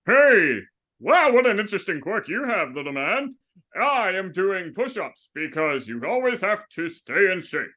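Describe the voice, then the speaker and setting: Brief: man playing a hearty muscle-bound hero, big theatrical delivery, lively pitch swings. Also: unhurried, full character voice. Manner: booming, theatrical. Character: mighty muscular male superhero, cheerful.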